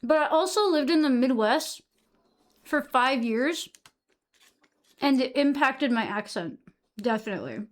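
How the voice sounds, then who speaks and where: A woman's voice: sits high, big pitch swings, unhurried, pauses often. A young woman from Massachusetts chatting casually with her stream audience, answering chat messages and swearing freely.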